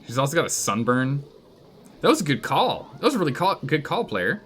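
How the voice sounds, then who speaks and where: Animated man streaming gameplay. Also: fairly high pitch, brisk, slight background noise. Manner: animated, exclaims and pleads with game characters. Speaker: streamer playing a colony game. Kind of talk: live gameplay commentary.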